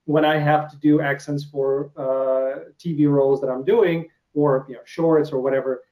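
A man's voice: a little high, level tone, normal speed, lo-fi sound. A man from Ukraine with a Ukrainian accent, Russian his first language, interviewing an actor in a hesitant, filler-heavy casual chat. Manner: hesitant, many filler sounds and restarts.

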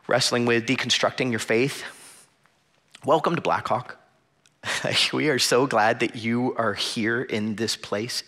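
A man's voice: medium pitch, bright, forceful tone. A man preaching a sermon as pastor to a small room and an online audience, earnest and conversational, with repeated phrases and restarts. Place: church sanctuary with a small audience.

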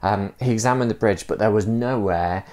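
A man's voice: lowish voice, normal speed, a little mellow. A man preaching a sermon in a conversational way, telling a fable with frequent fillers. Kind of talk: sermon with storytelling.

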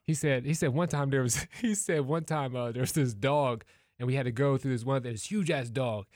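A man's voice: medium pitch, normal speed, dry recording, studio quality. A man co-hosting a podcast, eagerly retelling a funny clip he watched, swearing freely and laughing as he goes. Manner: animated storyteller, swears freely, laughs through the telling. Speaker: podcast co-host. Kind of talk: casual chat, retelling a comedy bit.

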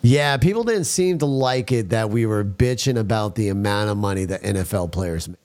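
A man's voice: fairly low pitch, expressive, normal speed, darkish tone. Blunt, crude male talk show host. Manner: blunt and crude, keeps addressing listeners as folks. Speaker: podcast host. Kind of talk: casual talk show banter and rant.

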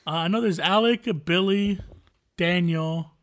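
A man's voice: high voice, a little slow, fairly bright tone. A man co-hosting a podcast, chatting casually in a rambling, jokey and profane way. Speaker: podcast co-host.

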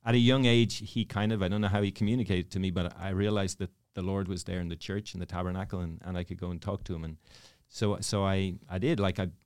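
A man's voice: deep voice, steady tone, fast, few pauses, smooth, no echo, clean studio sound. A man in his thirties with an Irish accent, a priest telling stories as a guest in a casual chat. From Ireland. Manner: storytelling, self-deprecating, soft-spoken.

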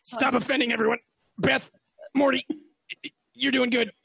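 Giggly, gravelly game master. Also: high voice, flat delivery, normal speed, a bit bright, no echo, studio quality. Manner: rambling, self-interrupting and laughing often. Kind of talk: narrating a tabletop role-playing game over an online call. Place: remote call.

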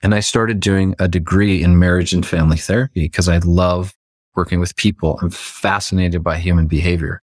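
A man with a low voice shares a personal story as a podcast guest. He is from Canada and he brings quoted lines to life with sudden jumps in pitch. The sound is dry and close, with no room echo. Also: steady tone, moderate pace.

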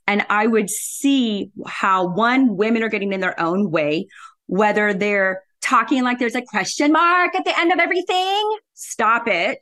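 A middle-aged woman, a real estate investor appearing as a podcast guest, speaks bluntly and assertively in a casual interview. Her voice is medium-pitched and fairly bright, and she laughs often.

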